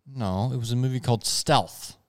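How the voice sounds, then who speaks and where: A man's voice: mid-range voice, moderate pace. A man hosting a casual comedy podcast who laughs often and riffs with his co-hosts. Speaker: podcast host.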